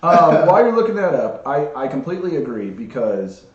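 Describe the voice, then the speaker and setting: A man co-hosting a podcast, chatting casually and cracking quick jokes. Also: a little high, very animated, heavy reverb, lo-fi sound. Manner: joking, quick quips. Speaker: podcast co-host. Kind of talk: casual chat.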